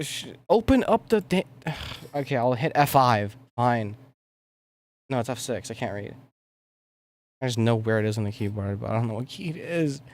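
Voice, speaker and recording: A man's voice: mid-range voice, darkish tone. A young man talks casually on a music-making livestream, rambling and swearing under his breath. He trails off and mumbles between thoughts as he clicks away at his desk mic. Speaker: music producer streaming.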